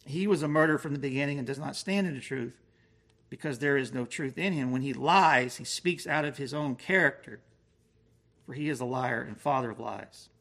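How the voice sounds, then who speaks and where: A man preaching an expository sermon, slowing down to stress key words. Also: mid-range voice, gravelly, a bit bright. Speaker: pastor.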